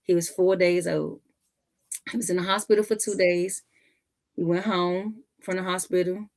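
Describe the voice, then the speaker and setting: Animated woman telling a family story. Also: on the low side, moderate pace. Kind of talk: casual storytelling.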